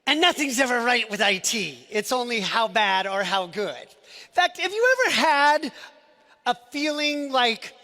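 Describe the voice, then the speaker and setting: A man giving an emotional presentation on stage at a live company event, swinging between shouted lines and hushed asides. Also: extremely high pitch, sing-song, normal speed. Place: event stage before an audience.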